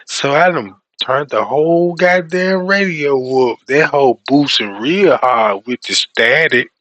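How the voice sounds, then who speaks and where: A man streaming who tells comedic stories in an animated, profane way and laughs often. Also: on the high side, unhurried, no echo. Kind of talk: comedic storytelling rant.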